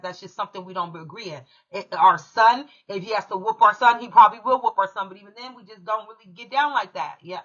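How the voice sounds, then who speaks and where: A woman's voice: mid-range voice, a bit bright, muffled recording. A woman from California, a channel host telling a heated personal story in an emphatic, profane way. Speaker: true crime commentary channel host.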